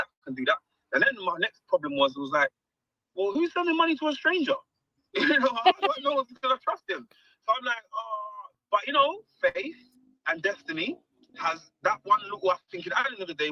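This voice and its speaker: Animated, high-pitched man. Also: no echo, muffled recording. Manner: animated, acts out quoted dialogue. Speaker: guest musician. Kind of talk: storytelling interview.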